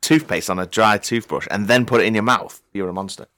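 A young man co-hosting a casual podcast chat, with deadpan delivery and dry jokes. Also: lowish voice, fairly quick. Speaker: podcast co-host.

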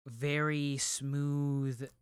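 A man's voice: mid-range voice, level tone, very slow, smooth, no room sound, clean studio sound. A man co-hosting a movie podcast, chatting casually with many ums and restarts. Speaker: podcast co-host. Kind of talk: casual chat.

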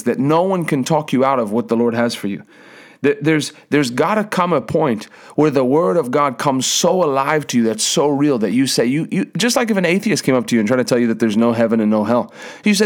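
A young man preaching a sermon, telling a personal story with emphatic repetition and frequent restarts. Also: medium pitch. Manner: emphatic, repeats phrases, restarts words.

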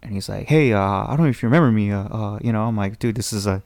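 This quick-paced podcast guest has a lowish, slightly mellow voice and a Californian accent from the south of the state. In casual conversation he tells a meandering story full of restarts and acted-out quotes, recorded at studio quality with no room sound.

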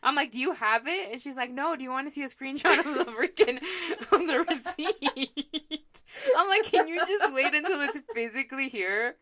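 A young woman with a high, bright voice co-hosts a casual podcast chat. She tells stories animatedly, slipping into acted-out quotes with plenty of laughter and casual swearing. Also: animated, fairly quick, few pauses. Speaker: podcast co-host.

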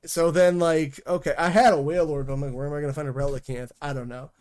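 A man's voice: a little high, little pitch movement, fast, a little mellow. A young man hosting a casual gaming podcast, sarcastic and crude, talking loosely with lots of fillers. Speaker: podcast host.

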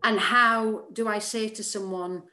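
A woman actor talks casually as an interview guest, chatty and animated, often restarting her sentences. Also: mid-range voice, unhurried. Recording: roomy echo.

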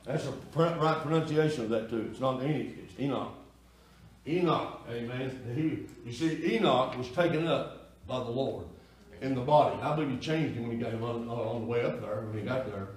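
A man, a pastor preaching a folksy sermon in a church that swells into loud cries. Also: medium pitch, fairly quick. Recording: echoey church room from far off.

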